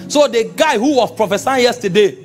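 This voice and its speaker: A Nigerian man preaching with an unusually high voice for a man. He delivers his sermon with lively, animated energy and often rises to shouts. Soft music plays faintly behind him. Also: brisk. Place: church meeting.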